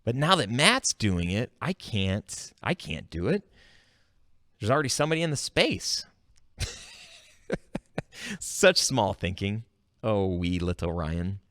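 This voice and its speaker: A man hosting his own podcast, telling stories in a casual, animated way and jumping up in pitch when he quotes himself. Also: dry recording, studio quality. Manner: animated storytelling, jumps high when quoting himself. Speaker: podcast host. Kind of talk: casual solo podcast monologue.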